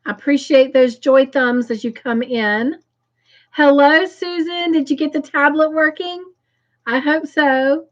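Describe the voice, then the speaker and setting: Slow, gushing livestream hostess. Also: female voice, high-pitched, lo-fi sound. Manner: effusive, gushing greetings with excited squeals. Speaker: livestream host. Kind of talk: chatty livestream, reading viewer comments aloud.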